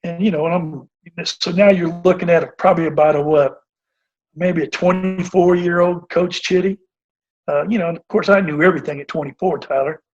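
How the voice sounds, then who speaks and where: A man in his forties, a basketball coach, tells a long story in an earnest, rambling way, full of fillers and restarts. His voice sits fairly high and sounds husky. The recording is dull and lo-fi. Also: fairly even intonation, brisk, darkish tone. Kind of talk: casual interview storytelling. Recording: dull lo-fi audio.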